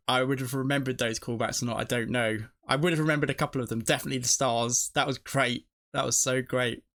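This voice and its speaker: A man's voice: mid-range voice, a bit bright. A man hosting a TV reaction video, talking casually and emotionally as he thinks aloud, often restarting his sentences. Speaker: TV reaction channel host.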